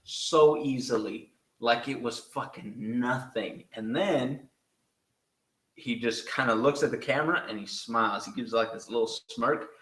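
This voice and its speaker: A man from Oklahoma with a slight Southern accent, chatting casually as a show host in a profane, excitable, teasing way. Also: medium pitch, a little slow. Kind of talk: casual chat. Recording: echoey room.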